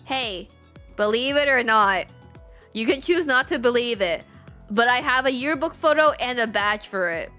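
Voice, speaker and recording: A woman's voice: on the high side, normal speed, faint music behind. A woman in her mid-twenties chatting casually on a gaming stream, telling stories with lots of giggles. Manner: giggly, animated storytelling.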